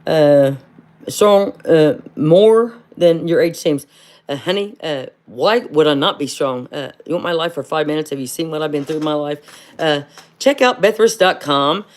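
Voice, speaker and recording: A woman from hosting a casual livestream and answering viewer comments. She speaks bluntly, fills pauses with "uh", and calls everyone "honey". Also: low voice, lively intonation. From southern Ohio. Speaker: livestream host.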